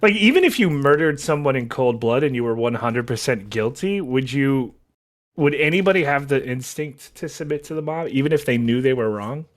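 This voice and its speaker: A man's voice: medium pitch, animated, a little fast. A man chatting as a guest on a podcast, with an ordinary mid-range voice. He talks in a laid-back way, stretching out his phrases and starting them over. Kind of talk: casual chat.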